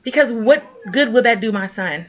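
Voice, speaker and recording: A woman's voice: a little high, expressive, moderate pace, dull audio. A mother speaking out to the camera in an impassioned appeal, indignant, pleading and emphatic.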